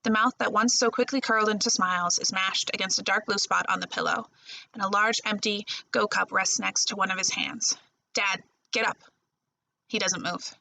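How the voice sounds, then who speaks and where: Librarian lady reading a novel aloud, gravelly bright voice, steady pace. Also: medium pitch, a little fast, rough recording. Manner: steady first-person storytelling. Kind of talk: audiobook-style novel reading.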